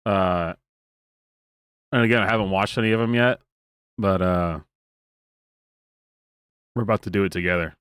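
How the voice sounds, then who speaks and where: A man's voice: low voice, moderate pace, long pauses, fairly bright tone, clean tone, no room sound, studio quality. A man hosting a stream, giving casual, joking and sarcastic reaction commentary with many restarts. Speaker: streamer host.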